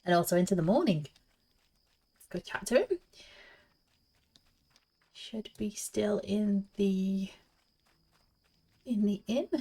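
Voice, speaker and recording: A woman's voice: medium pitch, animated, slow pace, vocal fry, pauses often, dark tone, slightly rough. A woman streamer casually thinking aloud and giggling as she plays through a game quest. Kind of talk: casual gameplay commentary.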